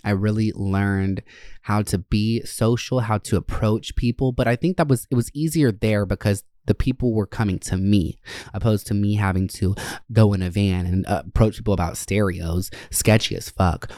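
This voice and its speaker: A podcast host telling stories about old jobs in a candid, profane, animated way. His voice sits somewhat low for a man. The sound is dry and close, with no room echo. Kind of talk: casual storytelling podcast.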